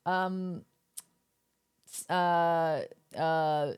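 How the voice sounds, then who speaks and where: A woman's voice: on the low side, lively intonation, slow pace, long pauses, clean tone. A young adult woman livestreaming from her home setup, chatting with viewers in a playful, rambling way with goofy asides. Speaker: live streamer. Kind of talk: casual chat with stream viewers.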